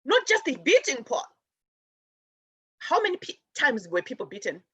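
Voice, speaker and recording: A woman hosting a spiritual talk show, telling stories about her upbringing in an animated way and acting out her relatives' voices. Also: high-pitched, normal speed, slightly rough, no room sound. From raised in a village outside America. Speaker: show host.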